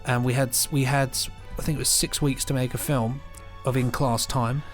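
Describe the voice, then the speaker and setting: Young guy cohosting a podcast, rambly and chatty, restarts a lot, mid-pitched. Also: fairly even intonation, moderate pace, soft background music. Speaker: podcast co-host. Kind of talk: casual chat.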